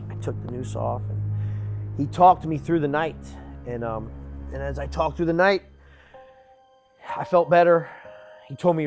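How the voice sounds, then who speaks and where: Man telling his own story with halting restarts. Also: on the high side, darkish tone, faint music behind. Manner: earnest, halting, with many restarts; acts out what others said. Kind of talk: personal testimony.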